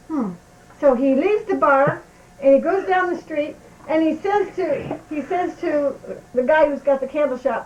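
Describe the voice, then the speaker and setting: A woman with a very high voice tells a punning joke to her family, with her voice bouncing around as she goes. She is heard from a distance across the room. The dull camcorder audio carries a faint hiss. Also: measured pace, a little mellow. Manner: laughing, playful storytelling. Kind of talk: casual joke telling. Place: family home at a holiday party. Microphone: home camcorder.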